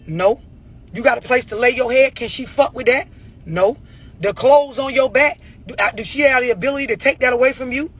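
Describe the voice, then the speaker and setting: High-pitched man going off in a preachy rant, husky and bright. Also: a little fast. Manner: blunt, preachy, heavy on rhetorical questions. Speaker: motivational speaker. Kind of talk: profane motivational rant.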